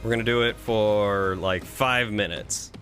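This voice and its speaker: A man's voice: lowish voice, measured pace, a bit bright, faint music behind. A man streaming a game, rambling casually as he reads and answers his chat.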